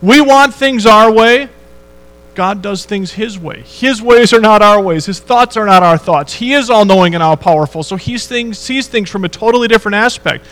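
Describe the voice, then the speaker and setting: A man's voice: sits high, moderate pace, a bit bright, low-quality recording. A man preaching a sermon in a church, reading scripture and asking the congregation rhetorical questions in a conversational way. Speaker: pastor.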